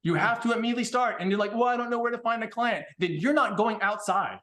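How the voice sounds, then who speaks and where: A man in casual podcast conversation, blunt and animated, swearing freely as he tells stories. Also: sits high, fast talker. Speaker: podcast guest.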